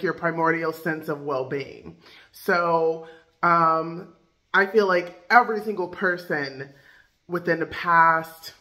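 A woman's voice: lowish voice, bright, forceful tone. A woman life coach giving casual, chatty advice with lots of fillers. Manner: loose, filler-heavy, chatty.

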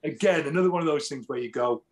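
Animated storytelling man. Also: on the high side, very fast. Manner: animated storyteller, acts out quoted exchanges. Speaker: actor guest. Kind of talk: casual interview chat.

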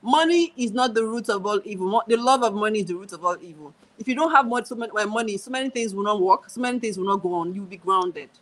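A woman's voice: medium pitch, fast talker, hardly any pauses, rough recording. A woman from Nigeria in her thirties, speaking as an interview guest in casual conversation, repeating her phrases for emphasis.

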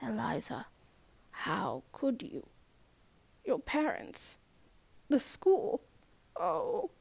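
A woman's voice: high voice, animated, takes it slowly, a little mellow, no room sound, exaggerated voice. Woman voicing a distraught older headmistress. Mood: anguished.

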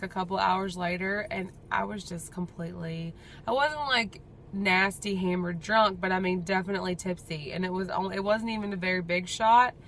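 Chatty, gravelly-voiced woman vlogging. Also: mid-range voice, a bit bright, slight background noise. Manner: chatty, rambling, heartfelt. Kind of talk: casual personal update vlog.

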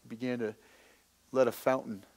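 A man teaching in a preaching style, impassioned, swinging between loud emphasis and hushed, confessional storytelling. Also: mid-range voice, level tone, normal speed, in a large hall. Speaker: instructor.

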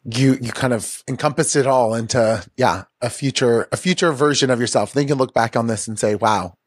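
A man's voice: medium pitch, brisk, slightly rough, dry recording, studio quality. A man hosting a podcast interview, encouraging his guest and asking open questions. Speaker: podcast host.

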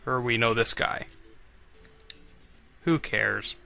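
A man's voice: medium pitch, takes it slowly, creaky, pushed and bright. A man commentating on a video game he is playing, swearing constantly and griping sarcastically at the characters. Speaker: let's play commentator.

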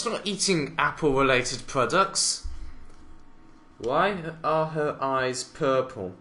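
A man's voice: mid-range voice, animated, slow pace, pushed and bright. A man giving sarcastic, mocking reaction commentary while watching a cartoon, swearing often. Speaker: reaction video maker.

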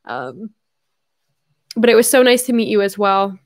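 A woman's voice: medium pitch, very animated, unhurried. A young woman hosting a casual livestream, emotional and tearful, swearing often as she reads viewer messages.

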